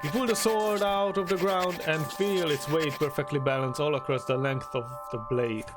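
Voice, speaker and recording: A man streaming a story game, reading its text aloud and chatting, often halting and restarting. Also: a little high, over music. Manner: halting, with many restarts and fillers; shifts to a louder, animated voice when reading and acting out lines.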